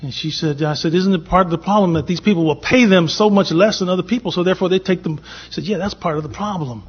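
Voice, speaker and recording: High-voiced, husky, and fast-talking, this Boston man is on a conference panel relating a personal story. He plays out the dialogue in quotes along the way, and the recording is a dull, lo-fi conference capture.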